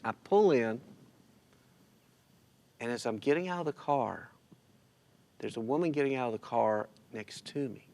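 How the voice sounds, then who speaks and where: Middle-aged guy telling a story, easygoing, acts out what people said, normal pitch. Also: normal speed, long pauses. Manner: animated, acts out other people's lines. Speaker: guest telling a personal story. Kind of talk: conversational storytelling.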